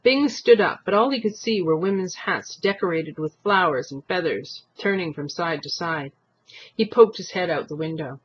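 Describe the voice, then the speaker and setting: Male narrator, husky, expressive storybook reading, slightly dull lo-fi audio. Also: sits high, moderate pace. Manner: expressive reading, voicing thoughts and characters. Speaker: audiobook reader.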